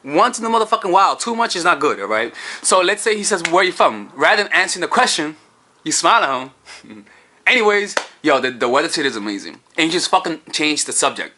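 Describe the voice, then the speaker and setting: A man talking dating tactics straight to camera, with lively swoops in pitch and a bright, forceful tone. He rambles, restarts and swears freely, and a camera-mounted mic picks him up. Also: fairly quick, slight background noise. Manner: profane, animated, rambling. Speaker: dating coach. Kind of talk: casual advice vlog. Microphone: camera-mounted microphone.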